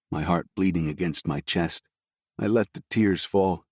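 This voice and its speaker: Reading a first-person tale, this audiobook narrator uses a deep, low voice with a slow, somber, steady scripted delivery. The recording is close and dry, without echo.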